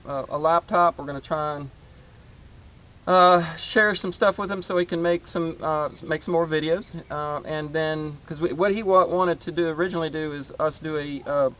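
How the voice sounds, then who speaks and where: A man's voice: a little high, steady tone, a bit bright. A man hosting his homestead channel, chatting casually outdoors in his garden and rambling with lots of fillers. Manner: rambling, halting with many fillers.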